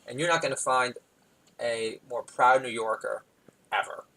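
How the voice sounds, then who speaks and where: A New man talks through a loose stand-up monologue at a middling pitch he never loses. He wanders off on tangents, loses his thread, and chuckles at his own punchlines. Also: unhurried, gravelly, pushed and bright, low-quality recording. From New York. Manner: rambling, digressive, laughs at own jokes. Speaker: comedy podcast host.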